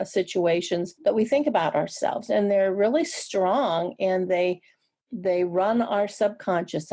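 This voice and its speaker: A middle-aged woman, a counselor guesting on an interview show, telling stories in a reflective, easygoing way with many restarts and soft laughs. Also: mid-range voice. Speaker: guest, energy psychology counselor. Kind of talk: casual interview storytelling.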